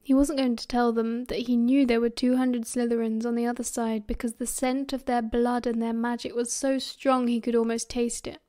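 A young British woman reading a fan audiobook, giving the characters lively voices. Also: a little high, moderate pace, few pauses. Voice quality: reads all parts with lively character voices. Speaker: audiobook narrator.

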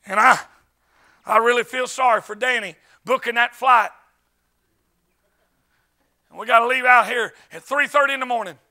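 A man, an evangelist preaching a revival sermon, telling stories in an animated way and breaking into shouts. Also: very high voice, normal speed, long pauses. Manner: animated storytelling, bursts of shouting. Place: church sanctuary.

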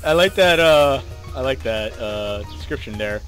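Young man, gamer host, bright, very animated, yelling and laughing, faint music. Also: mid-range voice, a little slow. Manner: excitable, yelling and laughing at the game, swearing. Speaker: gaming channel host. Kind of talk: casual gameplay commentary.

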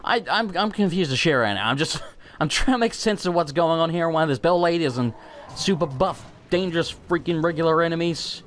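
A man giving excited gaming commentary, swearing and bursting out in panic as he plays. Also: a little high, a little fast. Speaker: let's play host.

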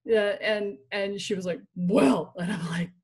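A woman guest on a podcast telling a personal story in an animated way, laughing and checking in with "right?". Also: medium pitch, moderate pace, slightly rough. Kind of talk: storytelling in conversation.

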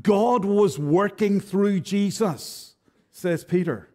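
A man's voice: high-pitched, slow pace, warm tone. A man preaching an expository sermon in church, earnest and direct, with frequent rhetorical questions. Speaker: pastor.

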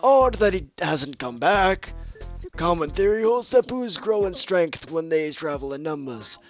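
A high-pitched old inventor, fussy and folksy, his voice swooping up and down as he explains things, as a young man puts him on while reading game dialogue. He talks like an old-timer scolding a youngster. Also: very animated, a little slow, faint music behind. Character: eccentric old male ghost-hunting scientist. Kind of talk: game dialogue read aloud.

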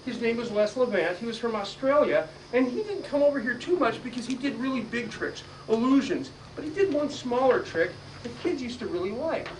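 A man performing a magic trick for a live audience, teasing them playfully and drawing shouted answers back from them. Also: very high voice. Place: magic store lecture room, indoors. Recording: distant mic with noisy live room.

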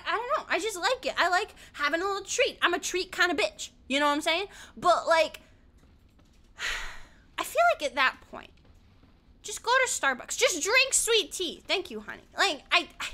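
A young woman from the American South talks with a high, bright voice that swoops up and down as she chats with her stream audience. She rambles, swears often and breaks off with sudden yelps while she plays. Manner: chatty, animated, swears freely, yelps at the game. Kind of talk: casual chat while gaming.

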